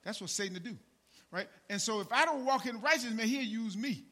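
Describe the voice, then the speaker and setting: A pastor preaching a sermon in a conversational way, peppering his lines with "man" and "right?" and swinging from low asides to shouted emphasis. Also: brisk.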